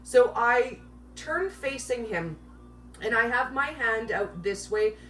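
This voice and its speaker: A woman's voice: fairly high pitch, animated, slow, fairly bright tone, distant mic, low-quality recording. A woman vlogger telling a personal story in a chatty, self-mocking way with nervous giggles. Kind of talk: casual storytelling.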